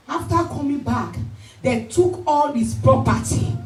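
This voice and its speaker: A woman pastor preaching a sermon, rising to shouted exhortations and calls for hallelujah. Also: sits high, animated, measured pace, soft background music. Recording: echoey church hall, mic from far off, faint hiss.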